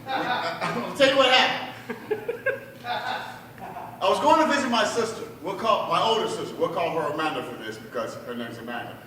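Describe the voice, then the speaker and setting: A man's voice: sits high, expressive, moderate pace, long pauses, a bit bright, a little hiss or hum. A man telling a stand-up story at a bar open mic, acting out his family members' voices, with audience laughter behind him. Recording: echoey bar room, mic heard from a distance.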